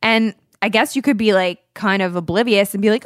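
Woman, podcast co-host, chatty and casual, mid pitch, dry close mic. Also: animated, fairly quick, smooth, no echo. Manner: chatty, lots of "like". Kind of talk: casual dating podcast chat.

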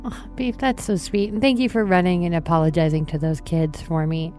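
A woman's voice: on the low side, brisk, faint music behind, close to an everyday voice. A woman improvising a sulky young bride who turns apologetic, in a comedy role-play. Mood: glum. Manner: sullen, flat, then apologetic.

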